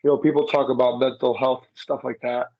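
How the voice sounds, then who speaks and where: A man's voice: medium pitch, little pitch movement, brisk, no room sound. Emotional man on a dull, dry line. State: emotional, stressed. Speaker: wrestler guest. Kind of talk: casual interview. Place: home basement.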